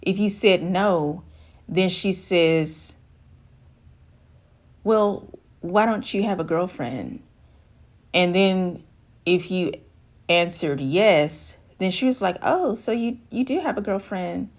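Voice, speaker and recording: A woman's voice: fairly low pitch, slow pace, pauses often. Woman life coach acting out a scenario. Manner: acts out dialogue, shifting voice for quoted women. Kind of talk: direct-to-camera advice talk.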